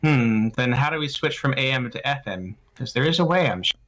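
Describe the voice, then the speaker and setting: A man's voice: medium pitch, animated, brisk, a bit bright, poor audio. A man playing a game alongside a streamer, chatting casually with teasing, dry quips. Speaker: co-player. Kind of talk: casual let's-play chat.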